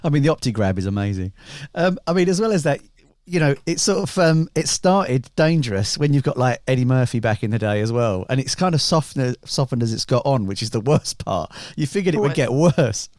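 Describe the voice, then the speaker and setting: Relaxed man in his forties. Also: medium pitch, fairly quick, dry recording, clean studio sound. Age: 40s. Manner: relaxed, hesitant with fillers. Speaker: podcast host. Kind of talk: casual podcast chat.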